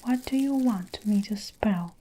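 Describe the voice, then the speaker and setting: Whispered role-play: woman playing nervous small schoolboy, slow and hushed. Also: medium pitch, noisy background, close to an everyday voice. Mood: eager. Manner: nervous, hesitant.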